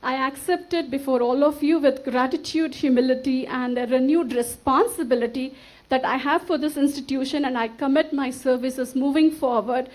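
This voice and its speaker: A woman's voice: high-pitched, moderate pace, darkish tone, poor audio. A woman from India giving a formal, earnest acceptance speech on an auditorium stage, speaking with gratitude and some emotion into a podium mic. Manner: earnest, grateful, slightly emotional.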